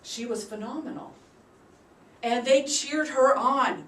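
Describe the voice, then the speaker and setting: A woman giving a prepared storytelling speech at a public speaking club. She acts out the quoted voices with big leaps in pitch and loudness. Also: takes it slowly. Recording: roomy sound from a distant mic.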